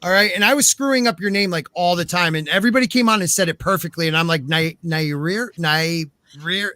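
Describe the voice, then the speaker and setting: A man's voice: high-pitched, racing, sharp tone, no room sound. A man hosting a podcast in casual chat, joking and self-deprecating as he stumbles over words. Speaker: podcast host.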